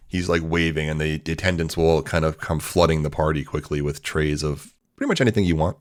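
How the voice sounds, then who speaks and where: A man narrating a tabletop role-playing game as game master, in a relaxed, casual way. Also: extremely low pitch, fairly quick, few pauses.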